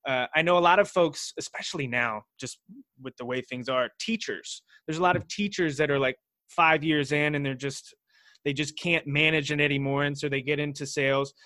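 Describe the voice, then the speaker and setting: Man with a slightly raised pitch, hosting an interview. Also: moderate pace, pushed and bright, no room sound, studio quality. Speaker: podcast host. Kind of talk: interview chat.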